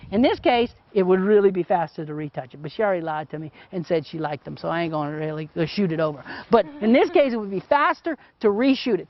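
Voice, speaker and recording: A middle-aged man with a fairly high voice, talking a class through a photo shoot. He is chatty and keeps checking in with "okay?". The sound is close and dry, a bit dull and muffled. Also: no echo. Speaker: photography teacher. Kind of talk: hands-on teaching demo.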